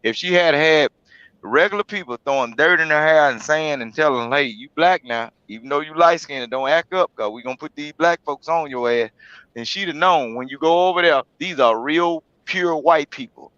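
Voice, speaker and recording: A man talking in a casual podcast chat, animated and loud, swearing freely as he tells his take. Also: on the high side, moderate pace, clean tone, no room sound. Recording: dull lo-fi mic.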